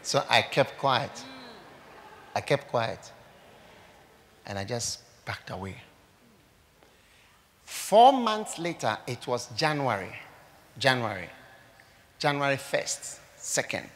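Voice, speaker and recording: A man with a Ghanaian accent, a pastor preaching a sermon and telling stories with animation, moving between loud exclamations and quiet asides. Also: medium pitch, big pitch swings, slow pace, pauses often. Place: church service hall.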